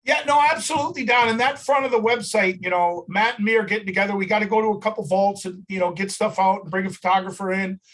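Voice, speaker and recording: High-voiced man, loud and emotional. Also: steady tone, fast talker, hardly any pauses, poor audio. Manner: shouting, emotional, punchy repetition. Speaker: company owner. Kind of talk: excited live video call pitch. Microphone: video call.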